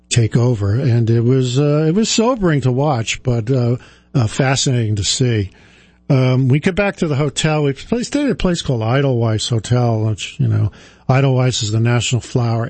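A man's voice: medium pitch, dark tone, no room sound. A middle-aged man who hosts a radio show tells a travel story in a rambling way, with plenty of fillers and restarts. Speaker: radio host. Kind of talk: casual on-air storytelling.

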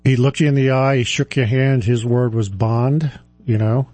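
A man in his sixties, a financial advisor, talking reflectively in a halting way, with many fillers and restarts. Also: mid-range voice, steady tone, mellow, dry recording, faint music behind. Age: 60s. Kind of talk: reflective personal talk.

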